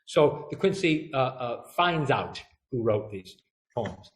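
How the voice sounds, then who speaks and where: A man's voice: mid-range voice, very animated, slow, echoey room. A man giving a public lecture in a chatty way, full of fillers and playful quoted asides.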